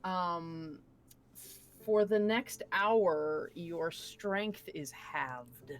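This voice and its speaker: A woman's voice: lowish voice, drawn-out words. A woman narrating a tabletop game as dungeon master, hesitant with many fillers and casual swearing.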